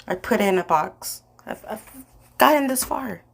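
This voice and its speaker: A woman's voice: medium pitch, animated, normal speed, vocal fry, breathy edge. A woman in her late twenties, ranting straight at her listener in a heated, profane way. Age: late 20s. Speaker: vlogger. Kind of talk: angry direct-to-camera rant.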